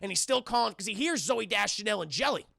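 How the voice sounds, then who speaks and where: Male streamer, animated and profane, high voice, bright and gravelly, dry close mic. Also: fast, dry recording. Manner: animated, profane, keeps addressing chat. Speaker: streamer film reviewer. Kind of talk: casual scene-by-scene film recap to live chat.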